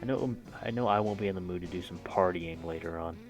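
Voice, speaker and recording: A man voicing an easygoing young male party host who drawls his plans slowly. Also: deep voice, faint music behind.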